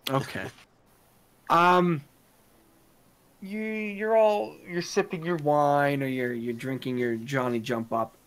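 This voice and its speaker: A man runs a tabletop game at an unhurried pace, narrating scenes and calling for checks. He often stops mid-phrase with fillers and restarts. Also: fairly high pitch, fairly bright tone, clean tone. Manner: halting, with many fillers and restarts. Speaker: game master.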